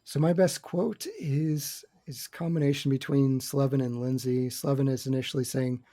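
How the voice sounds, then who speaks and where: A man's voice: medium pitch, steady tone, moderate pace, dark tone. A man co-hosting a movie podcast, trading dry, teasing banter. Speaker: podcast co-host. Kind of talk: casual chat.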